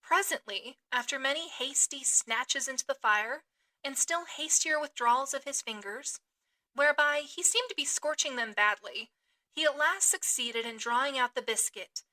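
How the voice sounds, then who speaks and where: A woman podcast host reading a classic novel aloud with expressive, dramatic delivery. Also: high-pitched, moderate pace.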